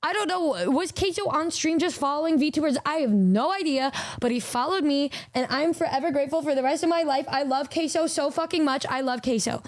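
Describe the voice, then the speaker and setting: Young streamer girl, high voice, chatty and animated, swears a lot, dry close mic. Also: no room sound. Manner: animated, swearing, stammering, quick restarts. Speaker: VTuber streamer. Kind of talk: casual storytelling to stream chat.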